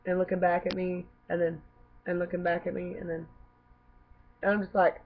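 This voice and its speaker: A woman's voice: fairly low pitch, completely flat delivery, moderate pace. A young woman who is sick with a cough, bluntly telling a story to camera, swearing freely. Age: young adult. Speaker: vlogger. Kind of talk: casual storytelling. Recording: tinny phone-like recording.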